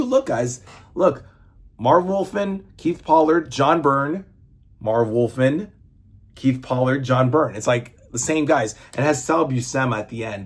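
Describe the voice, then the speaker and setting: A man in his fifties with a husky, slightly grainy voice, talking about comics in a loose, chatty way. He rambles and gets excited, with the occasional curse thrown in. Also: mid-range voice. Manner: rambling, enthusiastic, swears casually. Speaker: comic book reviewer. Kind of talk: casual chat.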